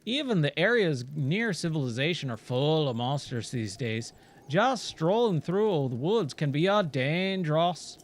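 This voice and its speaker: A man's voice: fairly high pitch, sing-song, measured pace. A man voicing a chatty male traveling merchant in a jumbled mix of accents, with friendly sales patter. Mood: cheery. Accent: mixed put-on accent.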